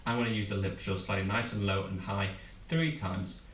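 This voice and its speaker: A man leads a vocal warm-up in a patient, encouraging way, his voice sitting a little low. He is recorded from some distance in a roomy space, with faint ambience behind him. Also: steady tone, moderate pace, heavy background noise. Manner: patient, encouraging instruction with demonstrations. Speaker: vocal coach. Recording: roomy, from far off the mic.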